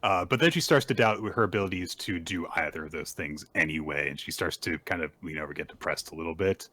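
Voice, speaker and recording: Man, podcast host, deep voice, retelling manga, lots of fillers and swearing. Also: sharp tone. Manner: rambling retelling with fillers and profanity; plays characters' lines in quick put-on voices. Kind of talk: casual manga recap.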